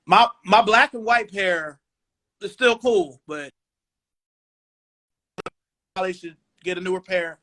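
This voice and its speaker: A man in his forties from Cleveland hosting a casual sneaker talk show over a video call, relaxed and rambling. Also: sits high, slow pace, pauses often. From Cleveland, USA. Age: 40s. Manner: relaxed, rambling, lots of "um" and "you know". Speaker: podcast host. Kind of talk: casual chat. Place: home dining room.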